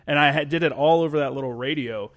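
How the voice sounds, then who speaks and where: A man's voice: on the high side, quick pace, fairly bright tone. A man talking as a podcast guest in casual chat, rambling with lots of fillers. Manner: rambling, filler-heavy, loose.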